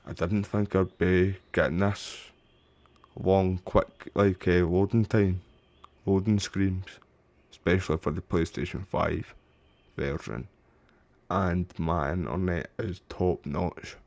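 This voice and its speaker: A Scottish man chats away during live gameplay commentary, getting frustrated and addressing his viewers as mate and bro. His voice is low and darkish, fairly even in intonation, and he takes it slowly on a dry recording.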